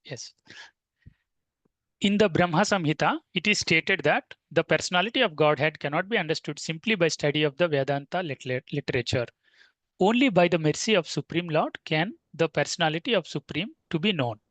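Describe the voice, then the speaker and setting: A man reading a scripture commentary aloud in a class, steady with occasional stumbles. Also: fairly high pitch, brisk, dry recording.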